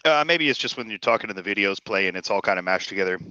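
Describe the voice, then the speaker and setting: A man co-hosting a podcast over a remote call, explaining his views in a measured way. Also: lowish voice, lively intonation, bright, forceful tone, no room sound. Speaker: podcast co-host. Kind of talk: casual chat. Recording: dull lo-fi call audio.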